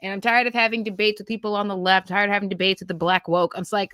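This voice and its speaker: Woman podcast host, punchy and repetitive political commentary, middle-pitched voice, dry close-up sound. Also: quick pace, hardly any pauses, dry recording. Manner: animated and emphatic, repeats phrases, says "okay?" and "yo".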